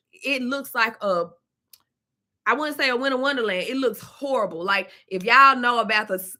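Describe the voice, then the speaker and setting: A woman's voice: a little high, sharp tone. A woman from Memphis with a Southern accent, chatting casually to her viewers on a livestream and reading their comments aloud. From Memphis, Tennessee. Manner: chatty, talks to viewers and reads the chat aloud. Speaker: livestream host. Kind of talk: casual live-chat venting.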